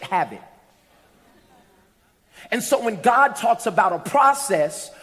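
A man preaching a sermon, telling a funny story and building to loud, emphatic shouts. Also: high voice. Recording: reverberant hall.

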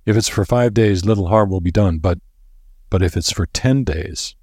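A man reading aloud, voicing a grim, solemn old professor who speaks gravely. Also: low voice, darkish tone, dry recording, clean studio sound. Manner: grave, measured. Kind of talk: audiobook character voice.

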